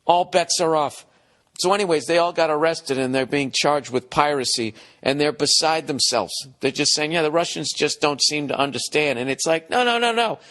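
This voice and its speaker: Guy ranting and cussing, fairly high voice, comedy monologue. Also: fairly even intonation, normal speed, fairly bright tone. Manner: ranting, profane, incredulous. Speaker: podcast host.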